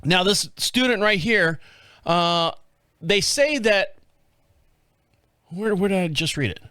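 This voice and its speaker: A man's voice: high-pitched, lively intonation, slow pace, pushed and bright, smooth, no room sound. A man hosting a podcast in a studio, who talks in a casual, folksy, rambling way and jokes along as he goes. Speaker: podcast host. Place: small radio studio. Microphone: studio microphone.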